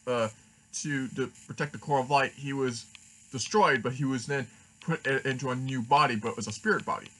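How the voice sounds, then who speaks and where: A man talks through a fan theory in a casual vlog, at an ordinary pitch. He rambles and halts, restarting his sentences as he goes. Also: a bit bright, rough recording. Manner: rambling, halting, many restarts. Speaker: fan vlogger.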